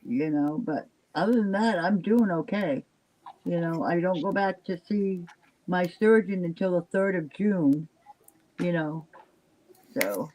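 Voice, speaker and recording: Here an older woman who sounds exhausted talks casually in a live stream chat, her fairly low, mellow voice moving a little slowly. She rambles and drifts off with fillers, and the recording is rough.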